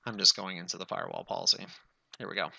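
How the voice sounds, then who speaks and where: A man's voice: deep voice, fairly even intonation, quick pace, gravelly, pushed and bright. A man giving a casual screen-recorded networking tutorial, chatty and thinking aloud as he addresses the viewers as guys.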